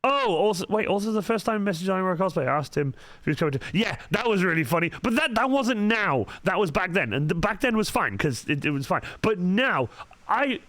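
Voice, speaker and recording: A man's voice: high-pitched, big pitch swings, brisk, a bit bright, no echo. A young man chatting casually on a livestream while he paints, swearing constantly and muttering asides as he works. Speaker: cosplay livestreamer. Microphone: studio microphone. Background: faint background music.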